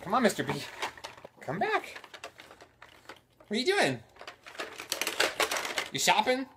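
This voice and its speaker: A woman's voice: mid-range voice, huge pitch swings, slow. A woman playing a mock news reporter with her child, in a playful, mock-formal anchor voice. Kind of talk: playful home-video make-believe. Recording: home video with clear background noise.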